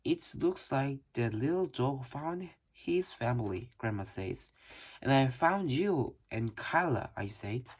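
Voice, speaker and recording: Storybook reader: unhurried, husky-breathy tone, lively sing-song pitch, careful delivery with small slips. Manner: slow, careful reading with occasional slips. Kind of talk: reading a children's book aloud.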